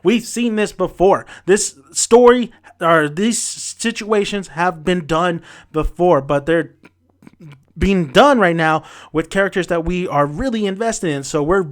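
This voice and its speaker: Excitable man with a highish voice. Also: a little slow. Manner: energetic, loose retelling with fillers and restarts. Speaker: manga reviewer. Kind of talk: casual review chat.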